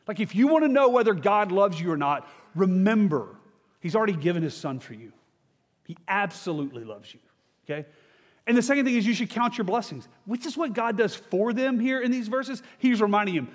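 A man preaches a sermon with a high-pitched voice. He talks to the congregation like a friend, climbing for emphatic lines and sinking to soft, low asides. The sound carries a long hall echo. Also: lively intonation, a little fast. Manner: conversational preaching, frequent "right?" and "okay?" asides. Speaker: pastor.

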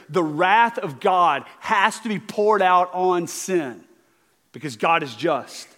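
A man's voice: high-pitched, fairly bright tone, big-room sound. A man preaching a Sunday sermon, earnest, often repeating words and checking in with "okay?". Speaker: pastor.

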